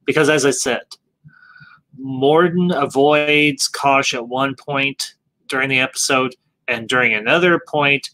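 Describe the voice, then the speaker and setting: A man's voice: mid-range voice, pushed and bright, low-quality recording. A man hosting a casual discussion, speaking animatedly, posing questions and restarting his sentences. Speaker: podcast host moderating a discussion.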